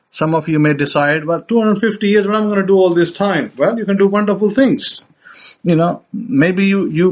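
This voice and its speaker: A man preaching an informal sermon in a conversational way, often repeating and restarting his phrases. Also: on the high side. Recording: dull lo-fi recording.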